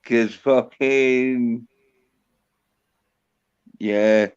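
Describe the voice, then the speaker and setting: Slow-talking guy hosting a stream, rambly, swears constantly, muffled lo-fi audio. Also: medium pitch, steady tone, darkish tone, clear, resonant tone. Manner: rambling, teasing, heavy swearing. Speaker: livestream host. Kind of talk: casual profane banter.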